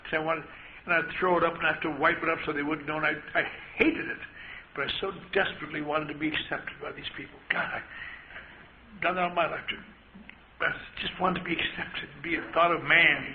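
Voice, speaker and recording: A man's voice: on the high side, fairly even intonation, a little fast. Wry older man telling stories, lo-fi tape. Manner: wry, self-mocking storyteller, acts out voices. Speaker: AA speaker. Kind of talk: storytelling talk to an audience. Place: large meeting hall. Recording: dull lo-fi live tape with hiss.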